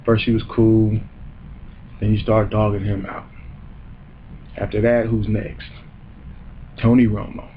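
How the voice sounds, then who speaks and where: A man's voice: lowish voice, flat delivery, takes it slowly, long pauses, phone-quality sound, a little hiss or hum. A man hosting a comedy show, delivering a heated, profane and mocking rant. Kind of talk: ranting comedic commentary.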